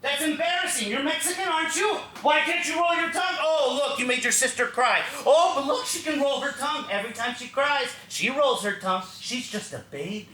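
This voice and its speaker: A man on stage in a one-man show playing a cruel stepmother who taunts and mocks a child, rising to shouts. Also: very high voice, brisk, hardly any pauses, voice pushed up. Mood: shouting. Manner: taunting, sneering, builds to shouting. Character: cruel mocking stepmother, adult woman. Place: theatre stage. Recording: roomy theatre recording from a distance.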